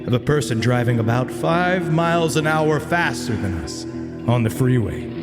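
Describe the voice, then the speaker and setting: A man's voice: medium pitch, lively intonation, moderate pace, loud music behind the voice. An American man hosting a comedy podcast, narrating a true crime story in a playful, theatrical way. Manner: playful, theatrical, laughs often.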